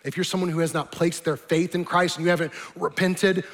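A man's voice: on the high side, flat delivery, a little fast. A man preaching as a pastor, earnest, building to emphatic appeals. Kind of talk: sermon. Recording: long reverb with soft music behind.

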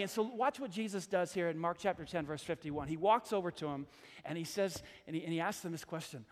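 A man's voice: high-pitched, fast. A middle-aged man preaching a sermon as pastor, talking in a conversational, emphatic way and repeating his key phrases. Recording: long hall reverb.

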